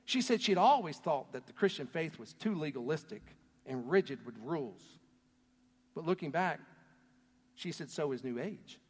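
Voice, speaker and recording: Earnest preacher in a reverberant hall. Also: male voice, a little high. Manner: earnest storytelling preacher, voice swelling and dropping to a hush. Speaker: pastor. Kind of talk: sermon.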